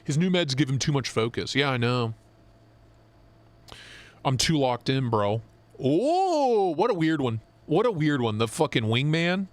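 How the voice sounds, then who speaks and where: A young man co-hosting a live stream, chatting casually and swearing as he jokes and gets excited. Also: a little high, unhurried. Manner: excited, profane, joking. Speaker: knife show co-host.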